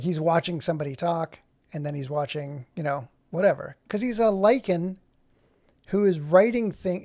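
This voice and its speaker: Gravelly man rambling on a livestream. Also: on the high side, darkish tone. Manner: rambling, self-interrupting. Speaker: livestream host. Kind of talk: casual livestream chat.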